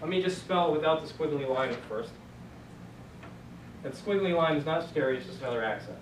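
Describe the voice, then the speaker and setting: Animated and brisk, a man with a fairly high voice leads a Bible Greek class, cracking jokes, offering encouragement and thinking through ideas aloud. The recording comes from a distant mic in an echoey room with noise.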